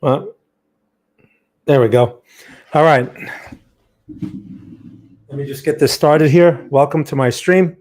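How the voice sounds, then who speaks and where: A man's voice: fairly high pitch, slow, long pauses, a little mellow. A man hosting a live trading stream, chatting casually, greeting viewers by name, with frequent fillers and restarts.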